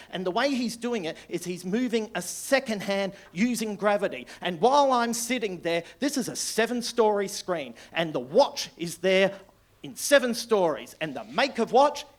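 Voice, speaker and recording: An Australian man in his sixties doing live stand-up comedy, rambling and sweary in an excitable storytelling manner. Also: sits high, normal speed. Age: 60s. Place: comedy club stage.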